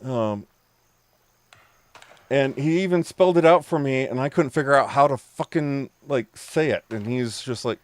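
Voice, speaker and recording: A man's voice: medium pitch, moderate pace, no echo. A man streaming a game and chatting casually with viewers, rambling, laughing often and swearing freely. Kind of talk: casual live-stream chat.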